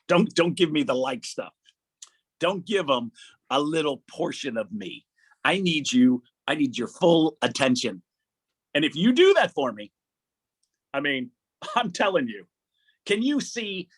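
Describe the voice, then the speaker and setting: An older man preaching a sermon in a rambling, impassioned way with a husky voice. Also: fairly high pitch, a bit bright. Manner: rambling, impassioned, laughs often.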